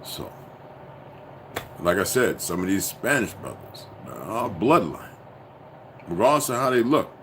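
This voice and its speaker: A man hosting a casual livestream, rambling and profane, dropping from low muttering to loud outbursts. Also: very animated, measured pace, long pauses, a little hiss or hum. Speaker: livestream host.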